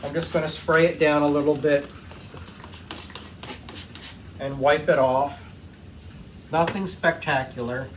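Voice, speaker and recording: A man's voice: on the high side, steady tone, moderate pace. A man hosting his own workshop channel, telling a heartfelt, rambling story full of ums while he cleans something. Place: home workshop. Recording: distant mic with faint room noise.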